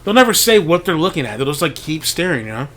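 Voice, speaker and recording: A man's voice: on the high side, very animated, quick pace, fairly bright tone. A man hosting a show, telling a rambling story in a casual monologue, full of "like" and frequent swearing. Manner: rambling, heavy on "like", swears freely. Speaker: podcast host.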